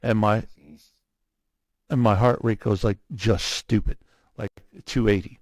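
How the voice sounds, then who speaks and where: A man telling his own story in a casual interview, animated, acting out what others said to him. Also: lowish voice, a little slow, dry recording. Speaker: guest, cardiac arrest survivor.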